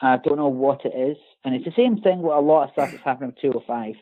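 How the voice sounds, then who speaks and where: Scottish male co-host, animated and sarcastic, tinny call audio. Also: medium pitch, quick pace. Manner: animated, ranting, sarcastic asides. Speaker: podcast co-host. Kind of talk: casual podcast chat. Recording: tinny phone-like call line.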